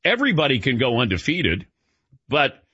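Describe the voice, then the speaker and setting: A man's voice: mid-range voice, wildly swooping pitch, moderate pace, sharp tone, breathy edge, dry recording. A man hosting a sports radio show, chatting casually, joking and telling anecdotes. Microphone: studio mic. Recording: dull, dry studio sound.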